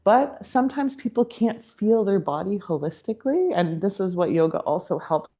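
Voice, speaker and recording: A woman's voice: medium pitch, very animated, normal speed, dark tone. A woman teaching a yoga teacher training class, explaining in a chatty way and laughing often.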